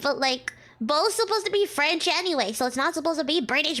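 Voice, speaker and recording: A woman's voice: sits high, expressive, fairly quick, hardly any pauses, bright, forceful tone. A young woman streamer chatting and giggling while she reads a visual novel aloud, switching between reading and reacting.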